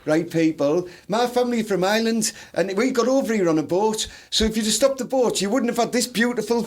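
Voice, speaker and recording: High-voiced man. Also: fast talker, few pauses. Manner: laughing, blunt and rambling. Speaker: podcast co-host. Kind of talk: casual banter.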